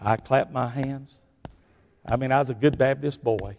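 An older man with a Southern US accent preaching a sermon, telling folksy stories that swing between shouting and hushed asides. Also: mid-range voice, normal speed, long reverb tail.

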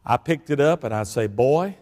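An older man with a Southern US accent preaching a sermon, telling folksy stories that swing between shouting and hushed asides. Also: on the high side, expressive, moderate pace, in a large hall.

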